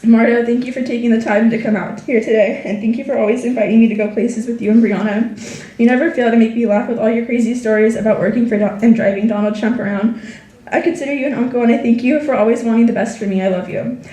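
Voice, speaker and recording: A woman's voice: a little high, fairly even intonation, fast, mellow, echoey room, recorded from a distance. A teenage girl reading a heartfelt senior speech to her friends and family, close to tears. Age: teens. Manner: heartfelt, reading thank-yous. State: tearful, near crying. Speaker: graduating student. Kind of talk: senior speech read aloud.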